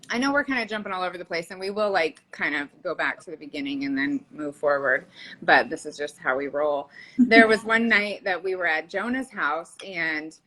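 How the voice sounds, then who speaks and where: A woman's voice: on the low side, bright, forceful tone, rough recording. A woman co-hosting a podcast in casual chat, chatty and laughing often, with many fillers. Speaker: podcast co-host.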